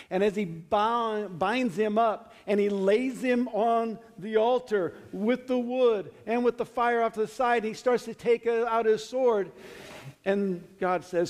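A man with a high-pitched voice preaches in an earnest, conversational manner, often restarting his sentences as he retells scripture. His voice rings with a long hall reverb. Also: takes it slowly. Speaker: Bible teacher. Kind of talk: sermon.

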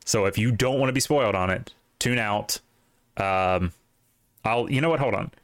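A man's voice: fairly low pitch, normal speed, a bit bright, dry recording, clean studio sound. A man co-hosting a casual gaming podcast, rambling with lots of fillers and restarts. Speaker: podcast co-host. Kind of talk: casual chat.

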